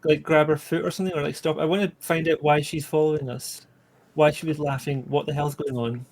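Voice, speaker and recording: A man playing in a tabletop role-play game, talking in a quick, rambling way with restarts. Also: fairly high pitch, steady tone, darkish tone. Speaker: player.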